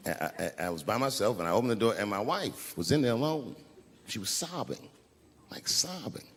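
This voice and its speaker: A male comedian telling profane stand-up stories, swinging between hushed and shouted delivery in a large live venue. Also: lowish voice, lively intonation, normal speed. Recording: reverberant live hall with ambient noise.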